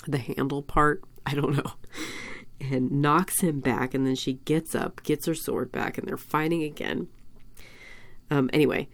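A woman's voice: deep voice, steady tone, unhurried. A woman casually recapping a TV episode, rambling and enthusiastic, full of fillers. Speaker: podcast host recapping an episode.

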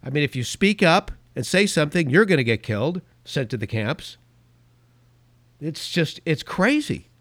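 A man's voice: fairly high pitch, dry recording. A middle-aged man hosting his own opinion podcast, talking emphatically and wandering off on tangents as he shares stories. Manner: rambling, emphatic, goes off on tangents. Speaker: podcast and radio host.

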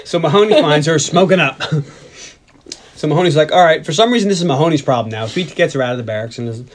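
A man's voice: a little high, animated, quick pace. A man co-hosting a movie podcast, retelling scenes in casual chat and laughing often. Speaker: podcast co-host.

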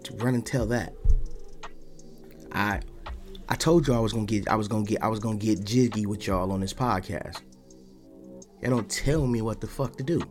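Podcast guy ranting blunt and defiant, lowish voice, cusses a lot, lots of restarts. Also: moderate pace, pauses often, faint music behind. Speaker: podcast host. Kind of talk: casual podcast monologue.

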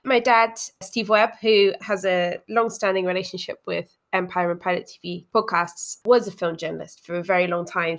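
A woman's voice: lowish voice, creaky. Giggly woman podcast guest. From Swindon, England. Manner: chatty, giggly storyteller. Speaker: podcast guest, film journalist. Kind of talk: casual podcast chat.

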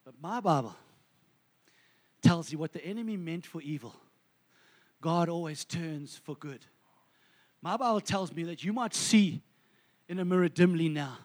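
High-voiced man preaching a sermon. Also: lively intonation, a little slow, pauses often. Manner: addresses listeners as friends, stumbles through restarts. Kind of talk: sermon storytelling.

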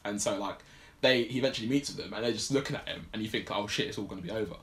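A man's voice: lowish voice, very fast, a bit bright. A man casually recapping a film plot on a podcast, rambling with lots of fillers. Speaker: podcast co-host. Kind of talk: casual film review chat.

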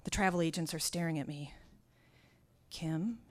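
A woman telling a personal story out loud, dry and wry, turning raw and intense as it goes. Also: medium pitch, moderate pace. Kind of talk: first-person spoken storytelling.

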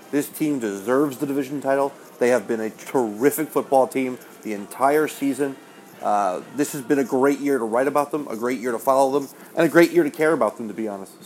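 A man's voice: medium pitch, a little mellow, slight background noise, rough recording. A man giving an emphatic, confident sports preview as a sports writer, swearing casually.

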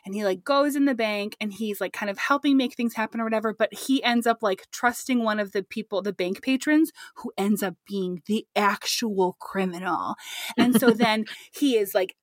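A young adult woman co-hosting a podcast in casual, animated chat, laughing often. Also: mid-range voice, normal speed, no room sound, studio quality. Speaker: podcast co-host.

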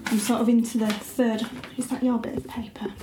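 A woman's voice: fairly high pitch, little pitch movement, a little fast, roomy sound, noisy background. A woman, a writer and editor, chatting casually and thoughtfully with frequent ums. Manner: thoughtful, a little hesitant with many ums. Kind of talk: casual conversation.

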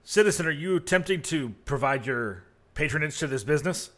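A man voicing a stiff, formal male city guard who speaks officiously and briskly. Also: fairly high pitch, expressive, fairly bright tone.

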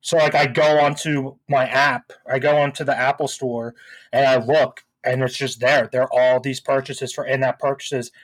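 A man's voice: mid-range voice, moderate pace, no echo. A young man in casual chat, venting profanely about his call-center job and telling stories with lots of swearing. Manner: profane, venting, animated storytelling. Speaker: podcast co-host.

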